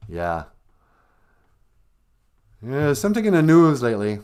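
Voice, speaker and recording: A man from Minnesota hosting a comedic live stream, rambling and halting with a dry, self-mocking humor. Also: fairly low pitch, animated, a little mellow. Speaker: host of a language comedy show.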